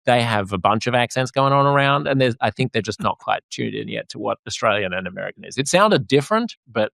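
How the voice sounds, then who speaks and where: A man's voice: medium pitch, animated, fast talker, creaky, fairly bright tone, no echo. A man hosting a podcast interview, chatty and jokey, often laughing as he talks. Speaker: podcast host. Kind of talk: casual interview chat.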